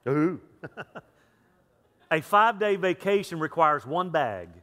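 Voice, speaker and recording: Male pastor, fairly high voice, chatty sermon in a big echoey church. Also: moderate pace, a bit bright. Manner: chatty, repeats words, asks the crowd questions. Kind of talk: sermon with jokes and a story. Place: church sanctuary. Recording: long reverb of a large hall.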